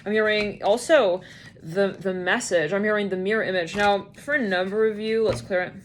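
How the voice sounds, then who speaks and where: A woman's voice: mid-range voice, fairly even intonation, normal speed, a little hiss or hum. A woman giving a casual tarot reading, rambling and acting out imagined scenes in quoted voices. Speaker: tarot reader.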